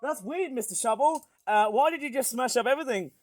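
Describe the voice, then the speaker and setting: A man chatting excitedly outdoors while smashing toys for a review vlog, often laughing and whooping. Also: very high voice, brisk, heavy background noise. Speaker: toy reviewer. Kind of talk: casual toy-smashing vlog. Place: outdoors on a hot day.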